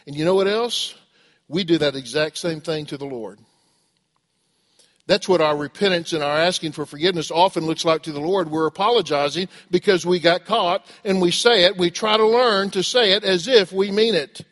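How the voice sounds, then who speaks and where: A man's voice: on the high side, moderate pace, a bit bright. A middle-aged man preaching a sermon, asking the congregation questions and acting out the voices he quotes. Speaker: pastor.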